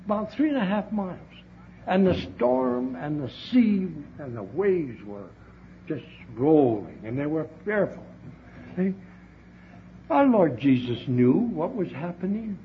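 A man's voice: sits high, sing-song, unhurried. A man preaching a heartfelt sermon to his congregation, often calling out to them as brethren. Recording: dull, lo-fi recording with faint hiss.

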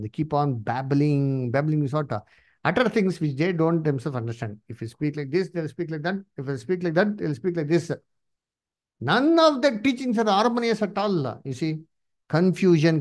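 A man preaching at a Bible study, emphatic and repetitive, swinging his pitch up and down. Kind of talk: sermon with Bible reading.

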